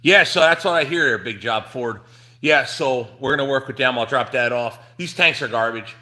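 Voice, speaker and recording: A middle-aged man from New Jersey hosts a casual trucking livestream from his shop. His voice is bright and forceful at an ordinary pitch. He rambles, restarts sentences and fills pauses with ums and uhs. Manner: rambling, chatty, frequent fillers and restarts. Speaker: trucking channel host.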